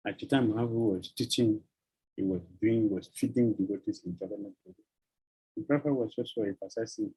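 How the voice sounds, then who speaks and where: Husky man giving a devotional sermon. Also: fairly low pitch, expressive, a little fast, dark tone, low-quality recording. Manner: repeats phrases, chuckles, uses devotional terms. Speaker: swami giving a scripture lecture.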